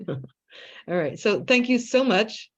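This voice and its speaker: A woman's voice: medium pitch, lively intonation, slow pace. A woman hosting an interview, supportive and chatty, offering brief affirmations as she thinks aloud. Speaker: podcast host. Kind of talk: casual interview chat. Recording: dull lo-fi sound.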